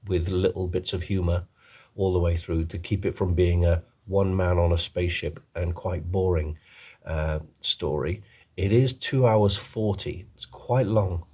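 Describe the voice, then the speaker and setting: A man's voice: low voice, dark tone, slightly rough. A man giving a rambling, casual film review, full of ums and restarts.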